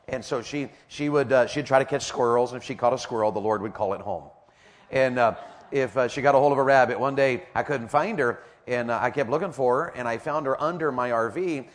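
A middle-aged man preaching a sermon, folksy and repetitive, calling out questions to the crowd. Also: medium pitch. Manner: folksy, repeats lines, calls out to the audience. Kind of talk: sermon with stories.

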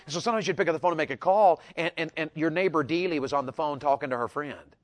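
A man telling a folksy personal story, animated and repetitive, rising to loud peaks. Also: a little high, fast. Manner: animated, repeats words, builds to loud peaks. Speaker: storyteller speaker.

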